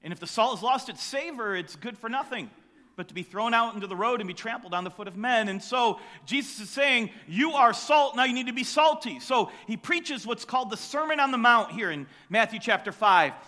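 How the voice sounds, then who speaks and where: A man preaching a sermon, emphatic, with loud rising bursts on key lines. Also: high-pitched, lively intonation, a little fast, big-room sound. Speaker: pastor.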